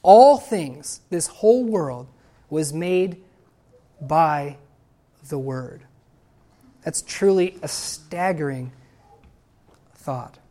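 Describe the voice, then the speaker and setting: A woman preaching a sermon with a lowish voice. She builds to loud, emphatic exclamations. She also reads scripture and hymn lines aloud.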